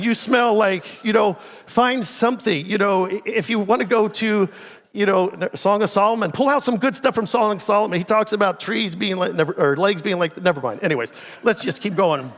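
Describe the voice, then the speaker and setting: A middle-aged man preaches to his congregation in a loose, conversational way. He keeps asking the room questions and sometimes sinks into a quiet, earnest voice. His voice sits a bit high, and a long church reverb trails each phrase. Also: lively intonation, a little fast. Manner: conversational, asks the congregation many questions, drops to a quiet intense voice. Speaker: pastor. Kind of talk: sermon. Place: church sanctuary.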